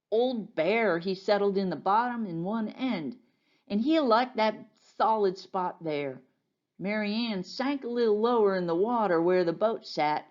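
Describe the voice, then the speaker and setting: Slow, gentle woman pastor reading a storybook. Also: medium pitch, lo-fi sound. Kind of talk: storybook read-aloud.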